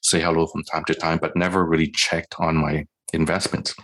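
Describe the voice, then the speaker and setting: A man's voice: very deep voice, flat delivery, moderate pace, fairly bright tone. A middle-aged man, a physician guest in an interview, telling his own story in a conversational way and acting out his past dialogue. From Canada.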